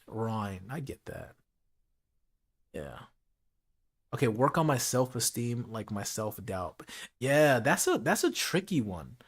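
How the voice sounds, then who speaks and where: A man's voice: medium pitch, sing-song, unhurried. A man streaming a late-night casual chat, earnest and reflective, talking things through with lots of "like" and "you know.".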